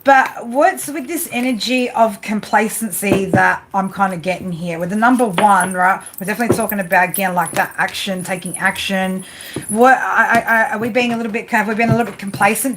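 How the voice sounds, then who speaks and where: A woman's voice: medium pitch, fairly quick, noisy background. A woman doing live tarot readings, chatty and rambling, often restarting her sentences. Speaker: tarot reader.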